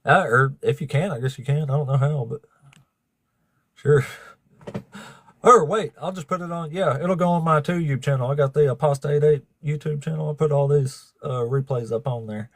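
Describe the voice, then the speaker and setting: A man hosts a livestream, chatting loosely with his viewers. He swears freely and laughs often in a somewhat high voice. The sound is dry and close, with little room around it. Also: moderate pace, no echo. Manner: profane, laughing, talks to chat. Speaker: livestream debate host. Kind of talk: casual livestream chat.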